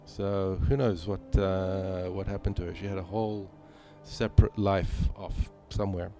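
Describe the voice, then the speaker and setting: A man with a very deep voice talks casually to his stream chat while he plays. His tone is mellow and dark, and he rambles along with plenty of fillers. Soft music plays behind him. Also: level tone, moderate pace. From Malta. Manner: rambling, chatty, many fillers. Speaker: gaming streamer.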